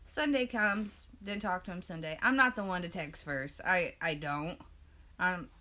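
A woman's voice: fairly low pitch, measured pace, bright, forceful tone. A woman in her twenties chatting casually, laid-back and self-mocking, laughing often. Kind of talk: casual chat.

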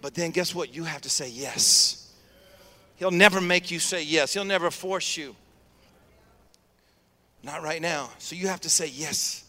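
A male pastor preaches with energy and keeps drawing call-and-response from his congregation. His voice sits high and sounds bright and forceful. The sound rings with long reverb in a church sanctuary. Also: a little slow, long pauses. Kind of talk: sermon.

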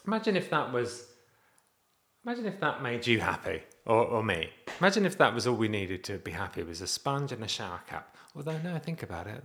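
A man's voice: mid-range voice, big pitch swings, a little fast, a bit bright. A man talking candidly to camera in a personal vlog about being a dad, earnest and rambling, often restarting his sentences. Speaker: vlogger and father.

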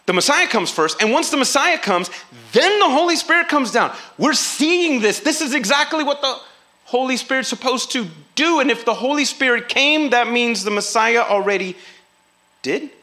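A man preaching a sermon in a lively, casual way, acting out quoted voices and using slang. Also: very high voice, normal speed.

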